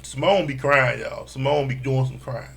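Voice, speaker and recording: A man giving a casual, animated recap of a reality show, swearing freely and acting out what people said. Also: mid-range voice, moderate pace, vocal fry. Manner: animated, profane, acts out quotes. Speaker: reality TV reviewer.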